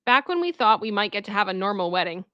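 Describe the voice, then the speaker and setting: Casual female commentary host with a bright, somewhat high voice, chatty and animated, dry close sound. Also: fast talker, clear, resonant tone, dry recording, muffled recording. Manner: chatty, laughs often, animated reactions.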